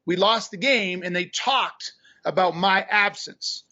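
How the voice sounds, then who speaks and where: A man with a very high voice co-hosts a podcast in a fired-up, profane rant that at times turns to shouting. The sound is a little dull and lo-fi. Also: measured pace. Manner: blunt, profane, ranting, bursts into shouting. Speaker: podcast co-host.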